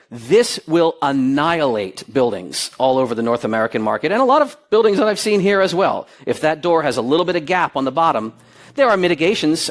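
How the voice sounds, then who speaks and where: A middle-aged man speaking on stage at a security conference, telling stories and acting out the dialogue in them. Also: fairly high pitch. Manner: animated storyteller, acts out quoted dialogue. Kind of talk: lively conference talk. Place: conference hall with audience.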